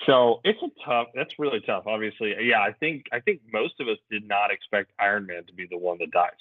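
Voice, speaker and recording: A man's voice: fairly low pitch, brisk, no room sound. A man co-hosting a podcast, talking in an earnest, emotional way with lots of restarts. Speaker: podcast co-host. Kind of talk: casual chat. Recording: tinny phone-like audio.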